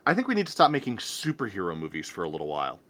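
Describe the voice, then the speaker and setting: A man in casual chat about films, animated and stumbling over quick restarts. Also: deep voice. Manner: animated, stammers through restarts.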